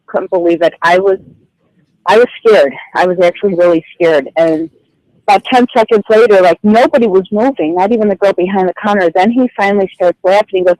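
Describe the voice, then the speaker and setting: A woman's voice: mid-range voice, normal speed, a little mellow, no room sound, poor audio. A flustered woman phones in to a radio show and tells her story in a rambling way, full of fillers and restarts. Her voice comes through dry and close, with no room around it. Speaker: caller. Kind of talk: telling a personal story on air. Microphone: phone call.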